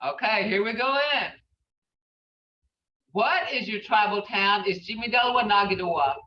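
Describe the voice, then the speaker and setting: A woman's voice: medium pitch, moderate pace, distant mic. A woman teaching a language class, patiently repeating phrases as she explains them. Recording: muffled, roomy, from off mic.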